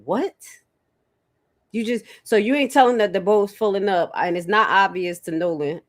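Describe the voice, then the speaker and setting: A woman hosting a livestream, chatting casually to her viewers and reacting out loud to interview clips. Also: mid-range voice, brisk, no room sound. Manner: chatty, reacts loudly, talks to her chat. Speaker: livestream host.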